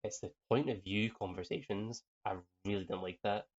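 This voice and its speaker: A man's voice: lowish voice, moderate pace, slightly rough. A man co-hosting a podcast, chatting in a rambling, hesitant way and laughing often. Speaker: podcast co-host. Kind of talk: casual film review chat. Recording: dull lo-fi sound.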